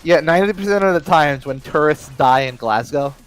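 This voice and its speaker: A man's voice: fairly high pitch, brisk, clean tone, faint music behind, low-quality recording. A man chatting jokily while playing a game, stammering through restarts and giggling often. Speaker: let's play co-host. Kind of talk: casual chat over gameplay.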